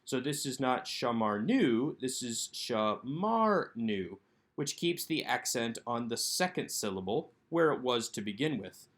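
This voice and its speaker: A man of medium pitch narrates a recorded lesson over slides. He talks his listeners through each exercise and slows right down to sound out words syllable by syllable. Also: fairly bright tone. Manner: slow, careful enunciation of Hebrew words. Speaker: Hebrew teacher.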